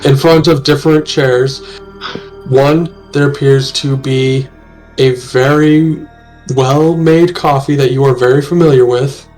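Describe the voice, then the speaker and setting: A man's voice: medium pitch, steady tone, unhurried, a little mellow, faint music behind. Man narrating a tabletop game. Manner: hesitant, filler-heavy narration. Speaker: game master.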